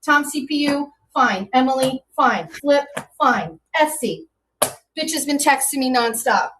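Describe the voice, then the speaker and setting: A woman's voice: sits high, lively intonation, a little slow. Blunt woman handing out verdicts, distant. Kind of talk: ranking people on a stream. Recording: distant with clear background noise.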